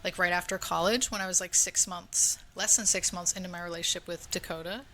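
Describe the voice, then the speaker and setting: Bright, chatty young woman co-host telling stories. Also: lowish voice, fairly even intonation, fairly quick, a little hiss or hum. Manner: chatty storytelling, lots of "like". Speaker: podcast co-host. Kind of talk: casual chat. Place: home room.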